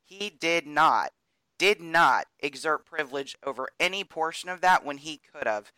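A man's voice: fairly high pitch, animated, normal speed, sharp tone, clear, resonant tone, dry recording, rough recording. A man co-hosting a podcast, giving emphatic, opinionated political commentary. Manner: opinionated, emphatic, builds arguments. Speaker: podcast co-host.

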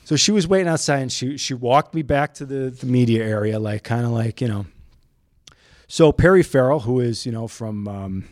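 Animated man telling a story. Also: medium pitch, moderate pace, no echo, studio quality. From Chicago South Side. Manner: animated, emphatic, indignant storyteller. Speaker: guest, TV news cameraman. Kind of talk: storytelling anecdote in an interview.

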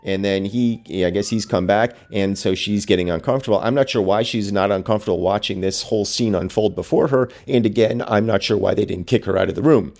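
A man reading a novel aloud, mixing expressive reading with chatty, casual asides. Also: lowish voice, fairly quick, creaky, few pauses. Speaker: book reader.

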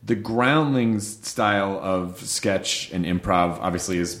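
A man's voice: low-pitched, slow pace, fairly bright tone. A man hosting a casual interview podcast, joking and laughing often as he chats with his guest. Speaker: podcast host.

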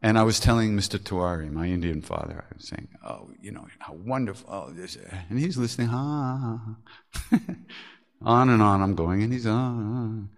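Gravelly low-voiced man telling stories. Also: moderate pace. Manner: candid, laughs often, swears casually. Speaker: podcast host. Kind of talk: reflective spiritual storytelling.

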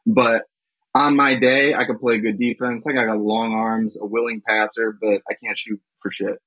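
Male guest actor, self-deprecating, low voice, muffled dry audio. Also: little pitch movement, normal speed, no echo. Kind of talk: casual interview.

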